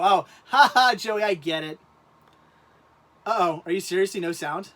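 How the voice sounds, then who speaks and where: A man hosting a casual livestream, talking in halting, rambling bursts and laughing often. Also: high voice, pushed and bright. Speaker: livestream host.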